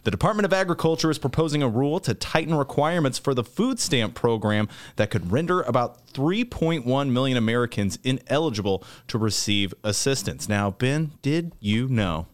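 A man's voice: medium pitch, lively intonation, a little fast, few pauses. Casual male radio news reader. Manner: casual, conversational news reading with questions to the host. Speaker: radio co-host reading the news. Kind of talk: news segment on talk radio.

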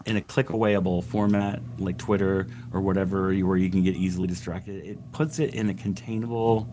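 A man on a casual panel chat, earnest and animated, with quick asides. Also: deep voice, a little hiss or hum.

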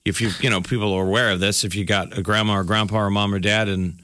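A man hosting a morning radio show in casual chat, joking and animated, who often breaks into loud mocking impressions. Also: fairly low pitch, fast talker, dry recording, clean studio sound.

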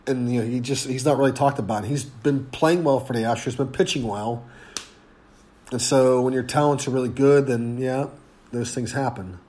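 Male podcast host, stuffed-up and hoarse, loose rambling sports chat. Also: mid-range voice, moderate pace, darkish tone. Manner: rambling, frequent ums and restarts. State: congested, losing his voice. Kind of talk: casual sports podcast talk.

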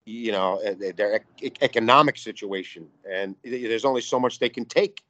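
A man's voice: lowish voice, normal speed, fairly bright tone, no room sound, lo-fi sound. A man from New York, a guest artist, talking in a casual interview in a profane, fired-up, rambling way.

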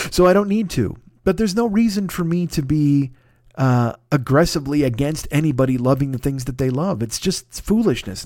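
A man's voice: on the high side, darkish tone, no echo, studio quality. A man in his fifties hosting a casual solo podcast, rambling and swearing freely with self-mocking asides. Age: 50s. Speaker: podcast host.

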